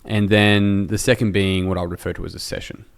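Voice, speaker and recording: A man's voice: lowish voice, little pitch movement, brisk, smooth. An Australian man hosting a podcast in a casual, rambling way, correcting himself and joking with his guest. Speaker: podcast host. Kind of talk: casual conversational interview.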